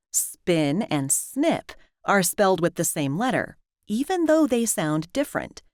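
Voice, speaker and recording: A woman narrating a scripted lesson, clearly and deliberately, stretching out the example words. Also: fairly low pitch, dry recording, studio quality. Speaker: language teacher.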